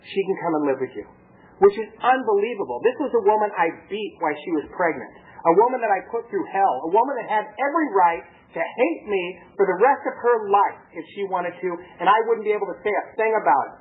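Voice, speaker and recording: A man from Southern California gives a personal testimony as a speaker at a recovery meeting, telling it in an animated way and acting out the voices he quotes. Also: high voice, quick pace, few pauses, breathy edge. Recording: tinny lo-fi tape with faint hiss.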